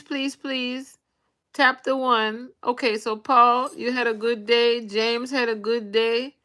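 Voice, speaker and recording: An American woman in her 60s, with a high, bright, clear voice, hosts a casual livestream from her bedroom. She talks slowly and loosely, reading out viewers' names, captured on her phone.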